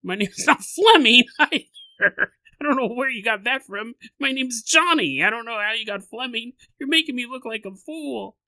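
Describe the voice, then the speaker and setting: A man putting on the voice of an indignant male ghost who shouts and sounds exasperated. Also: very high-pitched, lively intonation, moderate pace, no room sound, pitched above the performer's own voice, heavily acted.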